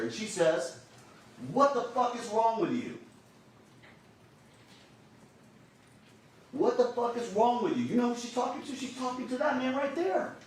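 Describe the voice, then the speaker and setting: A man's voice: on the high side, a little hiss or hum. A man giving a prosecutor's closing argument to a jury, pressing and repeating his points. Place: courtroom. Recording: echoey courtroom, voice from far off.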